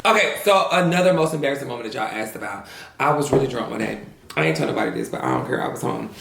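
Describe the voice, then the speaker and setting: A man's voice: mid-range voice, gravelly, a bit bright, roomy sound. A man vlogging at home, telling crude stories in a sassy, casual way and calling the audience "girl". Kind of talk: casual storytelling mukbang chat.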